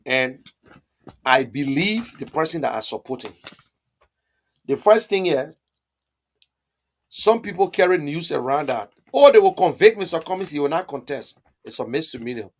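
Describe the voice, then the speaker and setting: A man hosts a political live stream and talks back to viewer comments. He argues hard and repeats himself for emphasis, and his voice sits fairly high for a man. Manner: emphatic, repetitive, argumentative.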